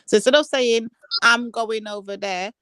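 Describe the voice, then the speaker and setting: Woman on a voice chat teaching patois words, higher voice, dead dry sound, laughs and corrects. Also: steady tone, pushed and bright, clear, resonant tone, no echo. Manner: coaxing, laughing, corrects quickly. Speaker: panel host teaching patois. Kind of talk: casual voice-chat panel.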